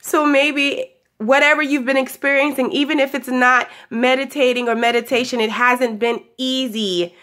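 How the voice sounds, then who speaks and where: Young woman, high bright voice, slightly hoarse, affectionate chatty spiritual vlogger. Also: fairly even intonation, normal speed. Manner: chatty and affectionate, laughs often, calls listeners "honey". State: voice still recovering, a little hoarse. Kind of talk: casual spiritual pep talk.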